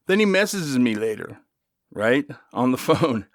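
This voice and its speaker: A middle-aged man rambles through a story on his own podcast, easygoing and a little profane, with plenty of asides. His voice sits at an ordinary pitch and is recorded dry and close, with almost no room sound. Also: big pitch swings, a little slow, no echo. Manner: loose and chatty, with swearing and asides. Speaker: podcast host. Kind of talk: casual storytelling monologue.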